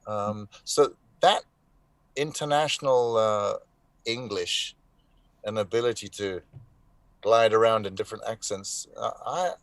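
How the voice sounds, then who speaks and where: A male voice actor, a guest in a live online interview, telling animated anecdotes with restarts and asides. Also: fairly low pitch, unhurried, long pauses, dry recording. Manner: animated anecdotes with frequent restarts and 'you know'. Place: lives in Denmark.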